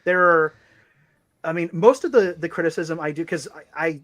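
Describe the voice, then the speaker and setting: A chatty stream guest who rambles through long answers, often stopping to restart a sentence. The voice sits at a plain middle pitch. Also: normal speed, fairly bright tone. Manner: rambling, self-correcting, laughs often. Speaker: stream co-host. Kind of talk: casual live-stream chat.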